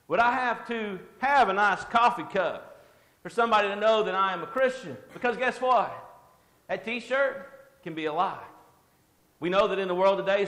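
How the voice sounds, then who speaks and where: A man's voice: sits high, fairly bright tone. A man giving an informal church devotional in a conversational, self-deprecating way, with jokes at his own expense. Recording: echoey hall with long reverb.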